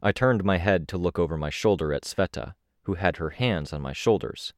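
A man with a deep, low voice reads a first-person audiobook in a steady, measured way. The sound is close and completely dry, with no room around it. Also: dry recording. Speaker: audiobook narrator.

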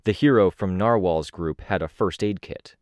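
A man with a deep, low voice reads a first-person audiobook in a steady, measured way. The sound is close and completely dry, with no room around it. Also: dry recording. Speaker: audiobook narrator.

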